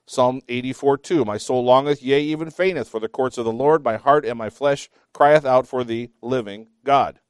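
A man teaching a Bible class, reading scripture slowly with emphasis between chatty asides and small self-laughs. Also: mid-range voice, smooth, no room sound, studio quality.

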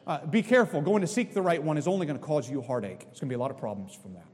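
Middle-aged pastor guy preaching, high voice, big echoey hall, gets loud then drops soft. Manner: emphatic preaching with sudden swings in loudness. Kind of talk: sermon. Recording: long reverb of a large hall.

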